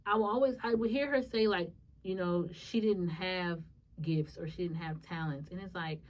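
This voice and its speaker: A woman hosting a solo podcast, telling a personal story in a casual, emotional way, talking to her listeners as y'all and swinging between soft musing and sudden high, excited bursts. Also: moderate pace, distant mic, slight background noise. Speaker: podcast host.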